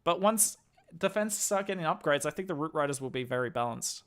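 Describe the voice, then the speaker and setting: An Australian man chatting casually on a live game stream, answering viewers' questions and thinking out loud. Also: on the high side, lively intonation, fairly quick.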